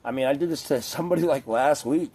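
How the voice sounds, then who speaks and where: A man's voice: medium pitch, fast talker, darkish tone, husky. A man talking straight to camera in a casual, rambling rant, swearing often and leaning on filler words. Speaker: vlogger.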